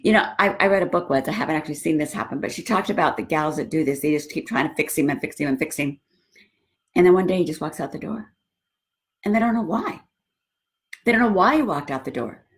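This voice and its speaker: Low-voiced chatty Christian marriage coach woman. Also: fast. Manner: chatty, animated storytelling with quoted dialogue. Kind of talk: casual talk to women viewers.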